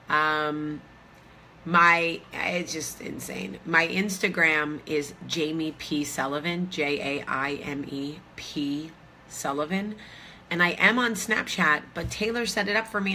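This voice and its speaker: A woman's voice: sits low, bright, forceful tone, slight background noise. A woman, in her thirties, chatting casually and rambling to viewers from a hotel room, with lots of fillers. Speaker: vlogger host.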